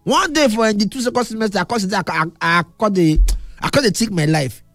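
A man's voice: sits high, fast talker, no room sound, faint music behind. A middle-aged man with a Nigerian Pidgin accent, animatedly telling a personal story in casual chat, repeating words and acting out what others said. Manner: animated, repetitive, acts out quoted lines.

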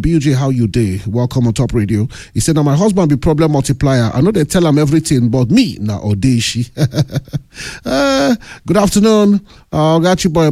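Mellow-voiced Nigerian radio host. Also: male voice, medium pitch, dry recording, clean studio sound. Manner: chatty, laughing, drawn-out fillers while reading. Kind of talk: radio call-in chat and reading listener messages. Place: radio studio.

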